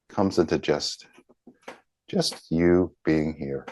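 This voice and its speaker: Male session leader, gentle and halting, low and unhurried, video-call audio. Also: fairly even intonation, no room sound, dull audio. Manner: slow, gentle, halting, with many pauses and fillers. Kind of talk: guided group healing session over video call.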